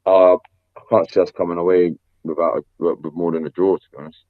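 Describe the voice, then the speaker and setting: A man co-hosting a casual sports podcast, telling stories in an animated way. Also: low-pitched, fairly quick, dry recording, narrow, tinny audio. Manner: animated storytelling. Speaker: podcast co-host. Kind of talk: casual chat.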